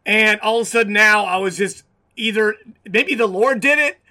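A man's voice: high voice, moderate pace, pushed and bright. A middle-aged man, a pastor and radio show host, telling a story in casual chat with lots of restarts.

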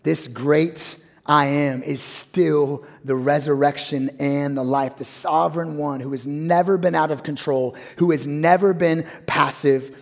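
High-voiced pastor preaching with dramatic swings. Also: male voice, fairly even intonation, measured pace, few pauses. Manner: dramatic swings from loud high peaks to hushed low phrases. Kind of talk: sermon. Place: church.

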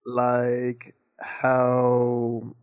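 A man's voice: mid-range voice, monotone, very slow, clear, resonant tone, muffled recording. A young man co-hosting a podcast, blunt and teasing toward his friend in casual chat. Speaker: podcast co-host.

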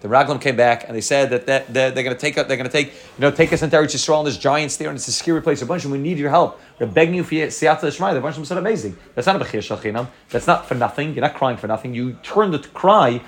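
A man's voice: medium pitch, racing, few pauses. A man teaching a Torah class, explaining at length with frequent restarts and Hebrew terms mixed into his English.

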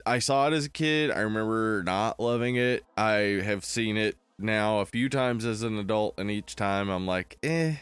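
A man's voice: lowish voice, moderate pace, few pauses, fairly bright tone, smooth, no room sound. A man from New Jersey co-hosting a casual movie chat podcast, rambling with fillers and laughing often. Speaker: podcast co-host.

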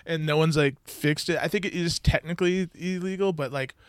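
A man's voice: fairly high pitch, fairly quick, clean tone, dry recording, clean studio sound. A man hosting a podcast in a crude, rambling casual chat, laughing often. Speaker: podcast host.

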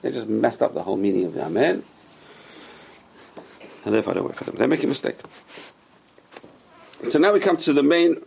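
Leading a casual religious lesson for a small class, a man with a gravelly, husky, lowish voice and darkish tone insistently drills his students on pronunciation. He repeats himself like a teacher explaining one point several different ways.

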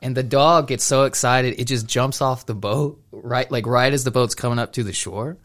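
Young dude rambling thru a story on a podcast, lots of restarts, laughing. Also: male voice, medium pitch, steady tone, normal speed, a bit bright. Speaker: podcast co-host. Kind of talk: casual storytelling chat.

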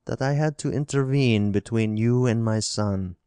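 A man reading the part of a stern older alien ruler and father, speaking in a measured, commanding way. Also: medium pitch, dark tone, smooth, dry recording, natural voice. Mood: reflective.

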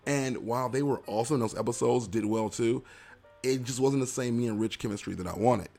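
A man's voice: mid-range voice, a little fast, creaky, darkish tone, soft background music. A young man hosting a casual solo podcast. He talks in a rambling, self-mocking and playful way. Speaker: podcast host.

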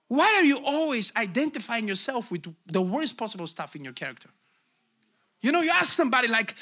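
With some chatter in the background, a middle-aged pastor preaches fairly quickly and very animatedly. He's emphatic, calling out to the congregation and swinging between low asides and shouted peaks.

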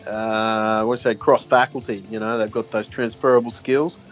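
Rambling enthusiastic co-host. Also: male voice, on the low side, level tone, normal speed, soft background music. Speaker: podcast co-host. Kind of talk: casual podcast interview.

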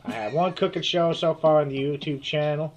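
A man from the United States co-hosting a podcast in casual banter, animated, joking and quick to defend himself. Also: fairly high pitch, lo-fi sound. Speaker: podcast co-host.

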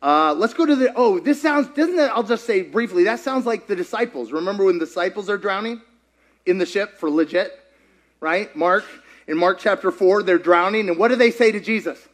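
Male pastor, high voice that swings wide, playful, questions the room. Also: brisk. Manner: animated, quizzes the congregation and acts out quotes. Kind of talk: sermon.

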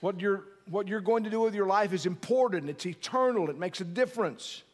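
A middle-aged male pastor delivers a sermon in a loose, conversational way, joking and tossing questions to the congregation. His voice sits fairly high for a man. A long reverb tail from a large hall follows his words. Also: a little fast.

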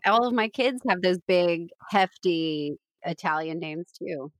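A woman's voice: on the low side, measured pace, no echo. Woman guest telling stories in a dry close sound. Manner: relaxed storytelling. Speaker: podcast guest. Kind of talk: casual interview chat.

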